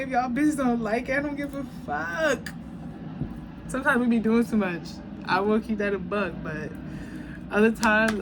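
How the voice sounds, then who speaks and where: A woman giving a casual tarot reading, talking bluntly and profanely, animated and laughing often. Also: a little high. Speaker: tarot reader. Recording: background noise.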